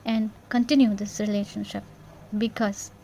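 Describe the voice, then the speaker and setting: A woman giving an intuitive tarot reading in a gentle, reassuring way, repeating herself and checking in with "yeah?". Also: mid-range voice, little pitch movement, normal speed, vocal fry, slight background noise. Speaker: tarot reader.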